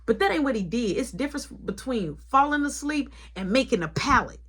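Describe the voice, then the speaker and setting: Animated woman telling a store story. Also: high voice, a little fast, slightly rough. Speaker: store manager. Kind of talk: casual storytime vlog.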